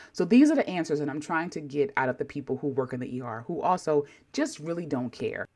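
A woman telling a personal story to camera in a sassy, animated way. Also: sits low, brisk, hardly any pauses. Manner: animated, sassy, talks straight to viewers.

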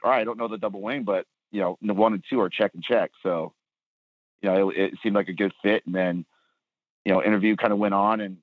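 A man with a very deep voice talks quickly about his coaching work, peppering his speech with fillers. He comes through a thin, dry phone line. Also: no room sound. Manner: hedging, many fillers like "you know". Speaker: football coach. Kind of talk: casual conversation.

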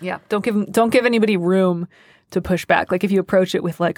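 A woman hosting an advice podcast, talking in a brisk, chatty way and acting out sample requests. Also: on the low side, fairly even intonation, vocal fry, darkish tone, no echo, studio quality. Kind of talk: casual advice chat.

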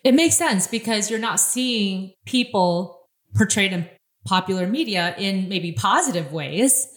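A woman's voice: medium pitch, lively intonation, a little slow, echoey room. A woman hosting an interview, reflecting back on what the guest said and asking thoughtful questions. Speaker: host.

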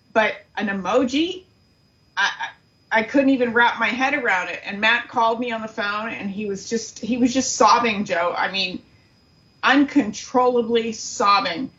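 A middle-aged woman speaks with a slightly high voice, earnest and grief-stricken, her words halting as she tells a painful story. The audio sounds dull and lo-fi. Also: a bit bright. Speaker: guest, aunt of the subject. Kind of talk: emotional interview storytelling.

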